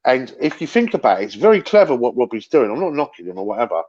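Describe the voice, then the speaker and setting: A man's voice: mid-range voice, sing-song, fast talker, darkish tone, lo-fi sound. A middle-aged man, rambling and swearing as he chats about football on a fan livestream. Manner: rambling, repeats himself, swears. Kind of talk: casual livestream chat.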